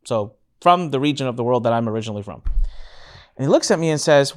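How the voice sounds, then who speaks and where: A man hosting a casual talk show, telling a story in a frank, animated way with casual swearing and laughter. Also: medium pitch, fairly quick, clear, resonant tone. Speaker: podcast host.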